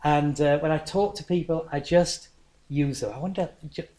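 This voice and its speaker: A man's voice: fairly high pitch, moderate pace, dark tone, a little hiss or hum. A man preaching a sermon in a conversational storytelling manner.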